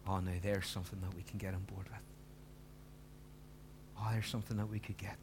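Guy preaching, lowish voice, earnest and pleading, faint hum behind. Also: little pitch movement, brisk. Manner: earnest, pleading, rising to emphatic questions. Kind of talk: sermon.

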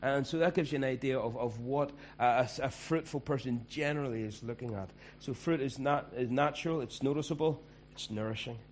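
A male pastor preaches in a conversational, emphatic manner. His voice sits at a middle pitch, with a faint hum in the background. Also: fairly quick, hardly any pauses. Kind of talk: sermon.

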